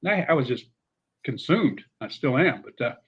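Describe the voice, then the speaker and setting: A middle-aged man, a former football coach, telling stories in an animated way with many fillers. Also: medium pitch, normal speed, husky, lo-fi sound. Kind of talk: casual storytelling interview.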